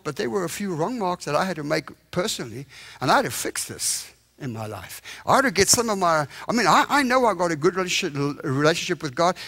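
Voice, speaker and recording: A male evangelist preaching a revival sermon in a church, impassioned and emphatic with sudden loud bursts. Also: high-pitched.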